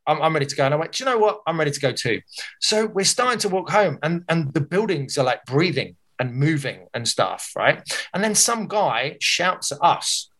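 A man, a comedian telling a long, animated anecdote in casual chat and swearing freely. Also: on the high side. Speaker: comedian guest.

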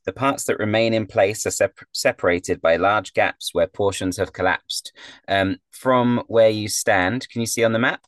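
Brief: low-pitched man, game master narrating, halting with fillers, dry close mic. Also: no echo. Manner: descriptive with frequent fillers.

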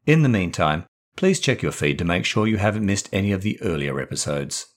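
Low-voiced man reading a short story. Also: lively intonation, fairly quick. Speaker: short story author and podcast host. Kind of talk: scripted narration.

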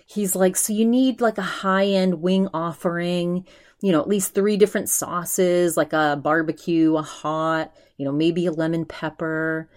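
A woman's voice: on the low side, a little slow. Chatty woman podcast host. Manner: chatty, retells others' talk with lively quoting. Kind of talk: casual solo podcast chat.

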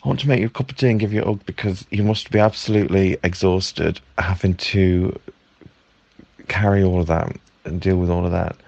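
A man leaving a gentle, comforting voice message for a podcast. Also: low-pitched, steady tone, a little fast, gravelly, no echo, highs cut off. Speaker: caller leaving a voice note. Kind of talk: warm voice message.

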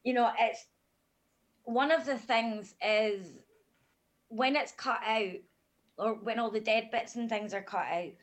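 A woman's voice: fairly high pitch, takes it slowly, long pauses. A woman guest on a podcast, telling a hard personal story in a frank, matter-of-fact way.

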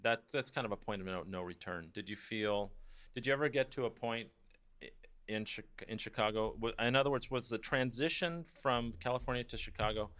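Guy interviewing a friend, kinda low voice, chatty, lots of yeahs and mm-hmms. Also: brisk, fairly bright tone. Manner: chatty, encouraging, frequent backchannels. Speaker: interviewer, host. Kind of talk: casual conversation.

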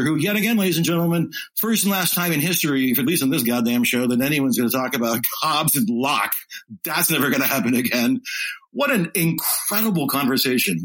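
A man's voice: mid-range voice, low-quality recording. A man hosting a podcast interview, chatting casually and addressing listeners like a showman over a remote call. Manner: showman-like, repeatedly says "ladies and gentlemen". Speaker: podcast host.

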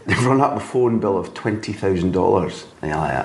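A middle-aged Scottish man, a football journalist, hosting a casual interview and telling lively stories with quoted asides. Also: on the low side, a little fast, few pauses. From Scotland.

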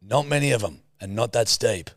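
Young Aussie male co-host, gravelly, animated, sweary, dry close mic. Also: medium pitch, normal speed, dry recording. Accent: Australian. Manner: swearing, rambling storyteller. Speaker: podcast co-host. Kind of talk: casual banter.

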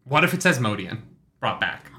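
A young co-host on a casual book podcast who teases, swears freely, laughs a lot and spins quick theories. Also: mid-range voice, very animated, bright, forceful tone, a little hiss or hum. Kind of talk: casual book-club chat.

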